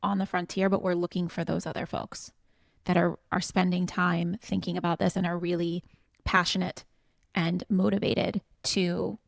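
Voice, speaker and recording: Passionate woman with a gravelly edge. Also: on the low side, no echo, clean studio sound. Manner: passionate, earnest storytelling. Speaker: podcast co-host. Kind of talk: reflective conversational podcast talk.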